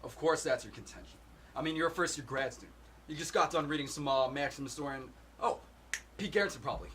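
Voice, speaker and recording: A man reciting a film monologue as a sharp young working-class man who quietly and condescendingly takes a grad student apart. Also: on the high side, quick pace, noisy background, lightly acted. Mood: cutting. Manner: quiet, cutting, condescending put-down.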